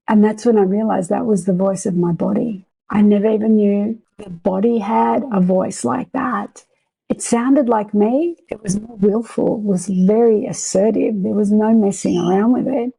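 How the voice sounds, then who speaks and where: A woman's voice: medium pitch, fairly even intonation, moderate pace, gravelly, breathy edge, low-quality recording. A woman, an interview guest earnestly and reflectively recounting a near-death experience. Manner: earnest, reflective storytelling with soft laughs.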